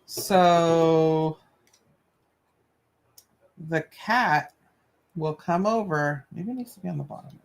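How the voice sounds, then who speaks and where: Woman chatting on a livestream, kinda low voice, tosses in spanish and cuss words, crafting while she talks. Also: takes it slowly, pauses often. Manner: chatty storytelling with mild cussing and Spanish asides. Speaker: channel host. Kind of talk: casual live-stream chat.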